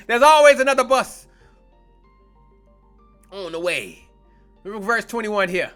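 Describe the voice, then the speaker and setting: A man preaching a fiery online sermon, blunt, confrontational and profane, slowing down to stretch key words for emphasis. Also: high voice, big pitch swings, fairly bright tone, faint music behind.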